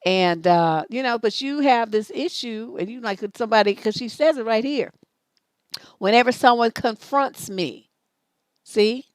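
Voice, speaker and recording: A woman's voice: fairly high pitch, normal speed, hardly any pauses, clear, resonant tone, no room sound. A middle-aged woman hosting a live relationship advice stream, blunt, profane and scolding, acting out both sides of conversations. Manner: acts out both sides of dialogues.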